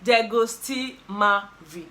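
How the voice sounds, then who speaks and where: A Nigerian woman with a bright, forward voice and a Nigerian accent hosts a casual recap vlog. She tells the story animatedly, exclaiming often and mixing Pidgin into her English. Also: mid-range voice, slow. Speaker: YouTuber host.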